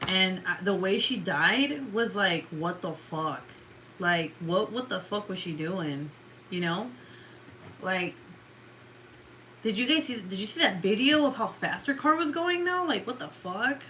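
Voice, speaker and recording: A woman's voice: mid-range voice, lively intonation, measured pace, bright, forceful tone, slight background noise, low-quality recording. Tired, chatty young woman vlogger. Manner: rambling, chatty, swears often, many fillers. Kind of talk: casual late-night craft livestream chat.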